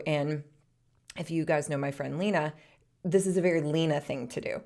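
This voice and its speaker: Brief: woman podcast host, low voice, chatty storyteller, quick to laugh. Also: a little mellow. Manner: chatty, laughs often, many "like"s. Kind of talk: casual personal storytelling.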